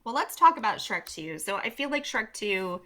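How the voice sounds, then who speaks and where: A woman co-hosting a podcast, chatting casually with quick jokes and animated asides. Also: on the high side. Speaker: podcast co-host. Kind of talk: casual chat.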